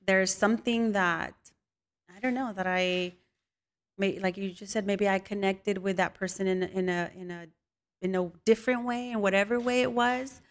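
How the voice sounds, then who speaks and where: A woman's voice: mid-range voice, clear, resonant tone. Laughing woman telling family stories. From Mexican family. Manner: laughs often, mixes Spanish phrases, animated storytelling. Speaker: guest, home cook with viral videos. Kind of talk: casual interview chat.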